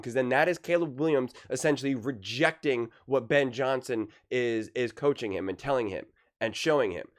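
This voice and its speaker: Male sports talker, casual opinion rant, stumbling restarts. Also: mid-range voice. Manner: rambling, repeats words, animated. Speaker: sports commentator.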